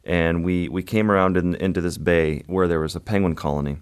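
A man, a photographer guest, telling his story in an interview in a halting, vivid way with pauses and fillers. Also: low-pitched, steady tone, clean tone.

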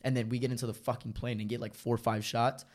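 Young guy rattling off crazy stories super fast, swearing constantly, says like and bro a lot. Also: medium pitch. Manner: animated, profane storytelling full of "like" and "bro". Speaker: storyteller guest. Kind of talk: casual chat among friends.

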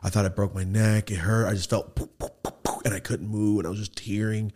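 Lower-voiced man telling a wild story. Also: fairly quick. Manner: animated, profane, acts out quoted voices. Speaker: podcast host. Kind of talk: casual storytelling. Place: podcast studio.

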